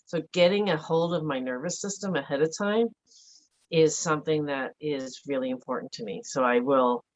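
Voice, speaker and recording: A middle-aged woman with a low voice talks earnestly and reflectively as an interview guest, often pausing on "like". She comes through a video call, and the audio is dull and lo-fi. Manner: earnest, reflective, frequent "like" fillers. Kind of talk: candid conversational interview.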